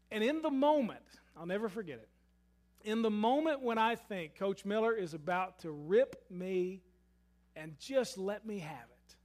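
A preacher with a high voice tells a story from the pulpit. He swings from loud, emphatic lines down to hushed asides. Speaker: pastor. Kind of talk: sermon.

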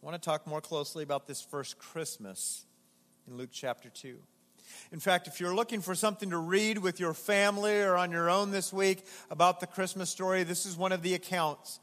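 High-voiced pastor preaching in a hall. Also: male voice, fairly quick. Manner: animated, emphatic, asks congregation to respond. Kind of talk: sermon. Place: church sanctuary.

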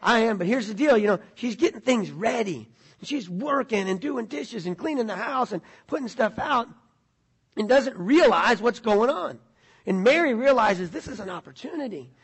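Guy preaching, kinda high voice, talks easy and asks the crowd stuff. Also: animated, moderate pace, breathy edge. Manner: conversational, repeats words, asks the audience questions. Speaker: pastor. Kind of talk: sermon.

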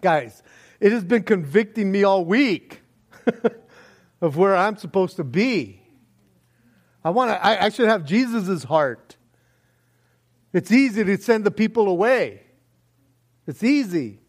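A man preaching a sermon in a joking, animated way, acting out little prayers and voices as he goes. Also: high-pitched, takes it slowly, long pauses. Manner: animated, jokey, acts out quoted prayers and voices. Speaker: pastor.

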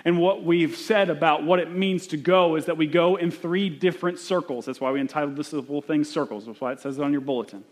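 A pastor with a somewhat high voice preaches to his church. He tells stories and then drives home his point with urgent, repeated questions. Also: brisk, few pauses. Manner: storytelling, building to urgent repeated rhetorical questions. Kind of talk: sermon.

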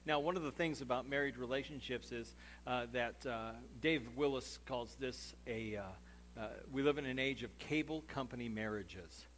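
Animated storytelling pastor, man. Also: medium pitch, moderate pace, slight background noise. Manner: animated storyteller acting out quoted dialogue. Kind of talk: sermon storytelling.

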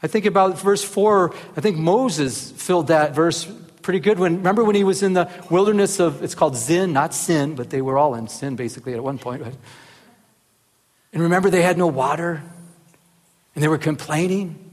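High-voiced man teaching scripture. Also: moderate pace. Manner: earnest, rises into animated emphasis, often asks "remember?". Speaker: Bible teacher. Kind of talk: casual Bible teaching. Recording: reverberant hall.

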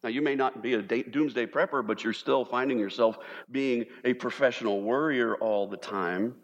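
A man preaching a sermon as pastor, animated, sometimes mimicking panicked voices for humor. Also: medium pitch, moderate pace, lo-fi sound. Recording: long reverb of a large hall.

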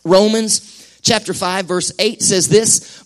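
Pastor, high-pitched guy, animated sermon with lots of little acted-out bits. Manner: animated preaching with quick acted-out asides. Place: church sanctuary.

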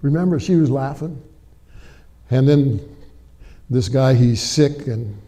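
Mellow-voiced preacher chatting with his congregation. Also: fairly high pitch. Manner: folksy, warm storytelling with frequent amens and tag questions to the congregation. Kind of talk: sermon. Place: church before a live congregation.

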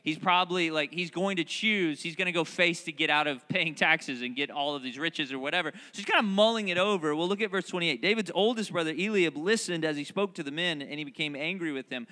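A man preaching a sermon, reading scripture and then retelling it in animated, playful asides where he voices the characters. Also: on the high side, fairly quick, hardly any pauses, big-room sound. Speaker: pastor. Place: large hall, recorded outdoors in a parking lot.

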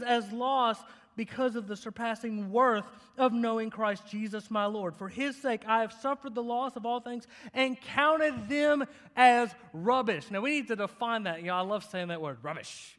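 High-voiced pastor preaching in a reverberant hall. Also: male voice, a little slow. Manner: swings between loud emphatic preaching and quiet intimate asides; humorous personal storytelling. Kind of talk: sermon.

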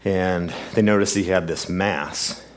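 Deep-voiced earnest male pastor. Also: fairly even intonation, takes it slowly. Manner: earnest, sweeping emphasis, trails off quietly. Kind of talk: sermon, scripture reading then personal story.

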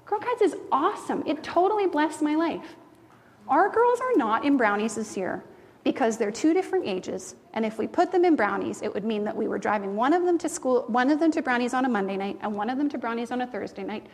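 A woman in her thirties co-hosting a faith talk show, telling stories in a lively way and acting out the people she quotes. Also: a little high, fairly quick. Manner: animated, acts out quoted voices. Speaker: co-host. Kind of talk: faith-based conversational storytelling. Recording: long reverb.

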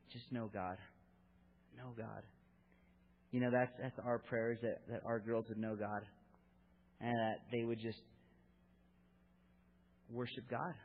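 A man in his thirties giving an earnest, candid sermon to fathers, telling stories from his own family. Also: medium pitch. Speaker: preacher at a church gathering for fathers. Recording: tinny phone-like lo-fi recording.

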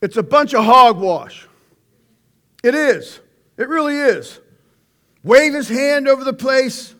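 A man preaching a conversational sermon, swinging between loud outbursts and hushed asides. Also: very high-pitched, animated, slow. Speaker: pastor.

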